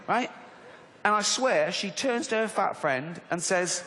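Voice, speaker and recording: Animated English stand-up comic in a hall. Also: male voice, a little slow. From England. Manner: animated, mocking, slips into squeaky put-on voices. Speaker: stand-up comedian. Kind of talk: stand-up comedy routine. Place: large theatre stage. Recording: live hall with reverb and crowd.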